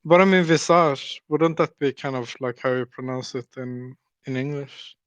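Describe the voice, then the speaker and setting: A man's voice: mid-range voice, moderate pace, fairly bright tone, no room sound. Teasing man, dry close sound. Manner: teasing, stammering restarts. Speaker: podcast co-host. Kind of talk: casual streamed chat.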